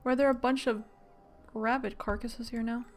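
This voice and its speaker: A woman's voice: a little high, fairly even intonation, moderate pace, soft background music. A woman giving casual game commentary, chatty, full of "like" fillers, reading on-screen text aloud. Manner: chatty, many "like" fillers, reads dialogue aloud. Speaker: game streamer.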